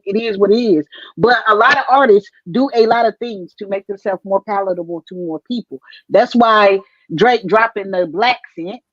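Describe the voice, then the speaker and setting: A woman's voice: mid-range voice, dry recording. A woman co-hosting a casual online panel chat, talking bluntly and outspokenly and laughing between her points. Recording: dull, dry lo-fi sound.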